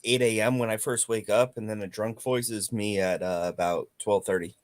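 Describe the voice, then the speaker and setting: A man's voice: lowish voice, fairly even intonation, normal speed. A man on a livestream panel, asking blunt, pointed questions and joking around. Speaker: panel guest. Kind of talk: casual livestream chat.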